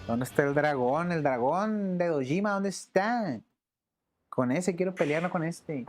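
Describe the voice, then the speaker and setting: A woman streamer reacting to a game with crude, annoyed outbursts. Her voice sits a little low for a woman. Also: lively intonation, normal speed, a little mellow, slight background noise. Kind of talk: gameplay commentary.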